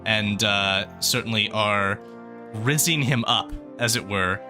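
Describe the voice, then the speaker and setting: A man narrating as game master of a tabletop fantasy game, relaxed with frequent pauses. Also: fairly low pitch, over music. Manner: relaxed, lots of filler pauses.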